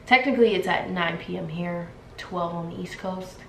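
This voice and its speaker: A woman's voice: fairly low pitch, creaky. A young woman vlogging from her home in a chatty, sassy way, putting on a British accent. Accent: put-on British. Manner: chatty, sassy, slow and drawn out. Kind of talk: casual vlog chat. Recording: roomy echo, faint room noise.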